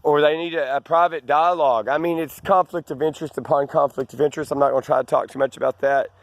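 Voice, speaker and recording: This Arkansas vlogger walks his rural acreage on camera, panting as he rambles, stopping to restart and veer into asides. His voice runs on the high side, steady and quick, in a dry recording.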